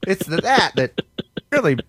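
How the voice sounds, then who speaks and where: A man co-hosting a morning radio show, joking and teasing with frequent laughs, in a gravelly, husky voice. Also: high voice, big pitch swings, moderate pace, a bit bright, no room sound, clean studio sound. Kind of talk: casual morning radio banter.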